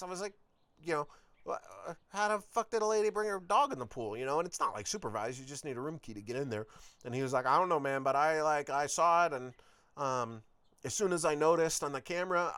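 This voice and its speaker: A man's voice: medium pitch, a bit bright, clean tone, no room sound. A man hosting his own podcast, telling a long road-trip story in a rambling, casual, profane way. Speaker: podcast host.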